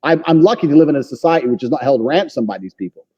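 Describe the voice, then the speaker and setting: Male podcast guest, blunt and profane, high lively delivery, mellow husky tone, lo-fi reverberant recording. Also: racing. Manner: forceful, profane, lectures with emphatic claims. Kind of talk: blunt opinionated conversation. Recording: long reverb, dull lo-fi sound.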